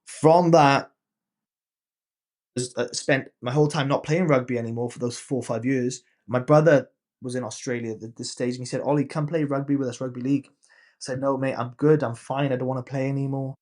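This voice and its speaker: A man's voice: medium pitch, steady tone, brisk, a little mellow. A man in his thirties, a podcast guest and coach, casually telling a personal story and acting out the quoted dialogue.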